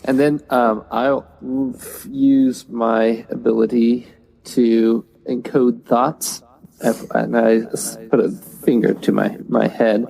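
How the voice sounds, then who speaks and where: A man playing a tabletop game, speaking in a dry, halting way. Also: medium pitch, little pitch movement, vocal fry, dark tone, low-quality recording. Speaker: player. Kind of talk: casual tabletop game chat.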